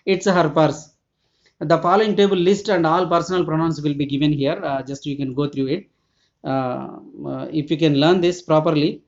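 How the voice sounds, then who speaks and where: A male teacher with a slightly raised voice gives a recorded grammar lesson. He explains patiently, circles back over each point and pauses often. The recording sounds dull and lo-fi. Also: a little high, steady tone. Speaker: school English teacher.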